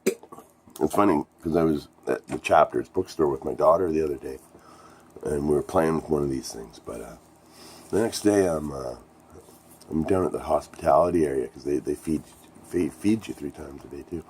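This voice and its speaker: A middle-aged man with an extremely low, dark, mellow voice tells a band story in a casual vlog. He rambles, swears often and sounds thrilled by what happened. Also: normal speed, a little hiss or hum. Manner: rambling, profane, enthusiastic storyteller. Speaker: musician telling a band story.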